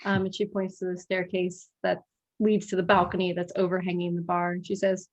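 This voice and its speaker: A woman narrating a tabletop game as game master, relaxed and chatty, with frequent ums. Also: fairly low pitch, fairly quick, highs cut off.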